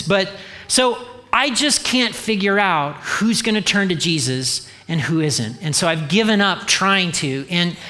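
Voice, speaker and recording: High, bright-voiced pastor preaching. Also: male voice. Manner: humorous, animated storytelling with acted-out dialogue. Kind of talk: sermon.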